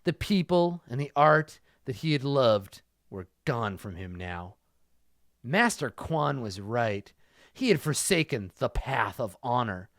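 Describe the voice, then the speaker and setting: A man's voice: mid-range voice, animated, measured pace, few pauses, dry recording, studio quality. A man doing a comedic dramatic reading of a game book, now and then breaking off with playful comments.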